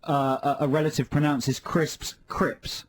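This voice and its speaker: An English man hosts a radio show from the studio. His pitch rises and falls a great deal as he banters and teases in a light, playful way. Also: expressive, quick pace, a little mellow. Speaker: radio host. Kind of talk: casual radio chat.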